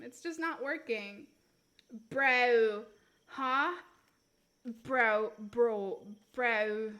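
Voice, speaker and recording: A woman's voice: fairly high pitch, extremely slow, long pauses, fairly bright tone. A woman live-streaming tarot readings, chatting casually in a giggly, self-mocking way while she keeps trying silly accents.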